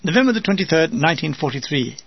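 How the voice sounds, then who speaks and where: Man, memoir narration, high gravelly voice, dry comic storytelling, dull dry recording. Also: sing-song, fast, no room sound. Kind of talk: memoir reading.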